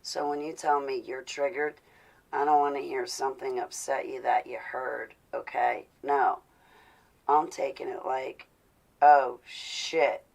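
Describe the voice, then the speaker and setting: A woman's voice: a bass voice, little pitch movement, a little slow, vocal fry, rough recording. A woman talking to her live-stream viewers, confessional and intense, growing indignant as she talks. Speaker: vlogger speaking to live viewers. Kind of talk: casual live-stream talk.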